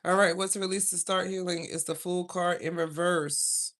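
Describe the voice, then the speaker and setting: A woman's voice: on the low side, steady tone, moderate pace, fairly bright tone. A woman giving a casual, rambling tarot reading on a livestream, often breaking off mid-thought. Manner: rambling, chatty, self-interrupting. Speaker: tarot reader.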